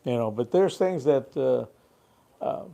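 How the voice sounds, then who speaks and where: An older man co-hosting a fishing talk show, spinning stories in casual chat. His pitch rises and falls a great deal, and his delivery is animated. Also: slow, gravelly. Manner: lively storyteller, animated.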